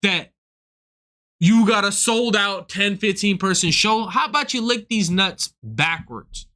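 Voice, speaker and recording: Young male comic, profane and heated, forceful bright voice, rants and slips into act-outs. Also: high-pitched, animated, measured pace. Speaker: comedian streaming to viewers. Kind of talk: casual ranting monologue.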